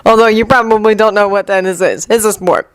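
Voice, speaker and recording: A woman voicing a cocky, sarcastic man in quick, mocking banter. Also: mid-range voice, fairly even intonation, dry recording, lightly acted.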